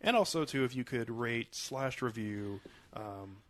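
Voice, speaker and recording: A man's voice: medium pitch, lively intonation, measured pace, fairly bright tone, dry recording. A man hosting a casual film review podcast, laid-back and a little hesitant, with a lot of filler words. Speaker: podcast host.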